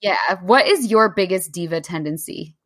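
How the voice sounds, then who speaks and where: Female podcast host, slightly low pitch, casual interviewer with a relaxed manner. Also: moderate pace. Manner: relaxed, conversational questioning.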